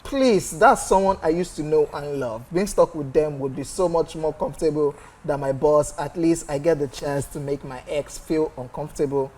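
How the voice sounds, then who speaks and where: A woman with a Nigerian accent co-hosts a chatty studio show. Her voice sits very low, and she reads out viewer messages with Pidgin asides. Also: moderate pace, a little mellow, rough recording. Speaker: co-host. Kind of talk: lively studio show chat.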